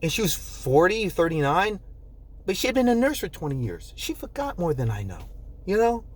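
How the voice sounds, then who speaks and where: A man's voice: high-pitched, big pitch swings, normal speed. A man in his fifties from New Jersey, a nurse vlogging in a blunt, profane, casual way and acting out the people he quotes. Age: 50s. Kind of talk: casual straight-talk monologue.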